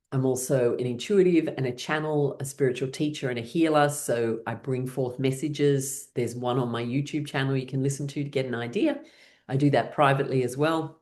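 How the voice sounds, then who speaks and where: A woman teaching a laughter yoga class, giving gentle instructions that often break into laughter. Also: extremely low pitch. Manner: slow, soothing guided meditation delivery.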